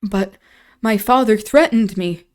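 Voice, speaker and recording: A woman's voice: mid-range voice, a little slow, natural voice. A woman voicing a frail, terrified teenage boy who pleads tearfully in a novel read aloud on a stream. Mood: frightened.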